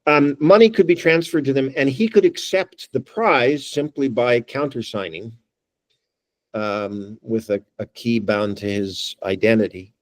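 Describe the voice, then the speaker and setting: An unhurried guest speaker with a medium-pitched voice presents to a working group and invites discussion, captured on a dry recording. He reasons aloud thoughtfully, slips in wry comments, and restarts phrases often.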